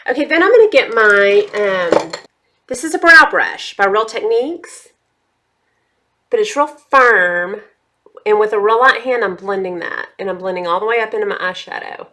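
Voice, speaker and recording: A beauty vlogger's medium-pitched voice comes across animated, pushed and bright at a normal speed as she chats through a makeup tutorial. She speaks straight to viewers, casually calling them y'all.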